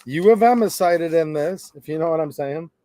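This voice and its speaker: Middle-aged male commentator, animated and sarcastic, dry close mic. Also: a little high, normal speed, no echo. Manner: animated, sarcastic asides, acts out quoted people. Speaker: gun-rights channel host. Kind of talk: opinionated commentary.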